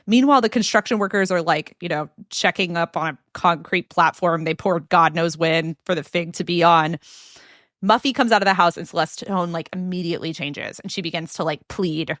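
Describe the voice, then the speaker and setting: A woman's voice: fairly low pitch, moderate pace, no room sound, clean studio sound. Woman animatedly retelling a story. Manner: animated retelling, acting out quoted characters. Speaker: podcast guest storyteller. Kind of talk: casual storytelling chat.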